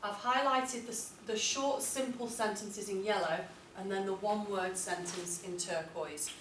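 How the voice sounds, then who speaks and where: A woman's voice: mid-range voice, fairly bright tone, far from the mic, a little hiss or hum. Woman teaching in an echoey classroom. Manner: clear, deliberate, emphatic reading of model texts. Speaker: English teacher. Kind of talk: classroom writing lesson.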